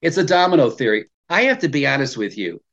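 A man's voice: mid-range voice, sing-song, fast, fairly bright tone. An American professor in his sixties answering interview questions emphatically, often restarting his sentences. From United States. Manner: emphatic, with frequent restarts and stammered openings. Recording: muffled lo-fi audio.

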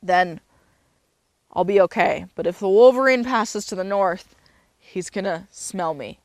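An earnest young male beaver from a spoken tale, talking to himself in a low, hushed murmur, as a woman storyteller puts him on. The sound is close and dry, with no room around it. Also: unhurried, no echo, natural voice. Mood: frightened.

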